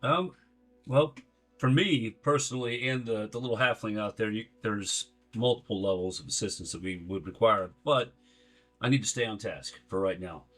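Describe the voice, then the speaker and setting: A man's voice: fairly low pitch, normal speed, a bit bright, faint music behind. A man playing a tabletop game, speaking in character in a hesitant, careful way. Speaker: player.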